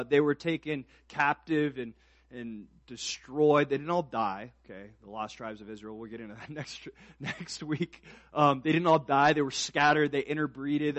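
A man preaching a sermon to a congregation, swinging from quiet reflective lines to loud emphatic peaks, with casual asides and fillers. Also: a little high, dry recording. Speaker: pastor.

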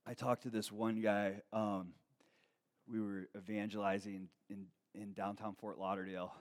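A young man preaching a sermon in a casual, conversational way, telling personal stories full of fillers and rising to excitement as the story builds. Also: fairly low pitch, moderate pace.

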